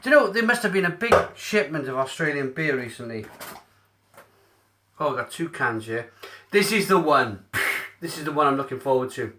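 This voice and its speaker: A man's voice: a little high, lively intonation, normal speed, pushed and bright. A man hosting a casual live-stream unboxing, chatty and upbeat, answering viewers' comments aloud into his mobile phone. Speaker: beer reviewer streaming live. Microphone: mobile phone camera.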